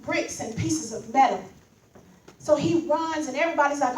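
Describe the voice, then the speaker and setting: High-voiced woman preaching. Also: normal speed. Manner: storytelling that builds into loud, sing-song preaching. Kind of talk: sermon. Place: church. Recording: echoey church room from far off.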